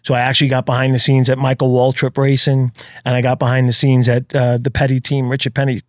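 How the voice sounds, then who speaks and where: A man's voice: medium pitch, completely flat delivery, quick pace, no echo, clean studio sound. Earnest New York man telling his story. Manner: earnest, emphatic with blunt swearing. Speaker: podcast guest. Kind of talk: casual storytelling.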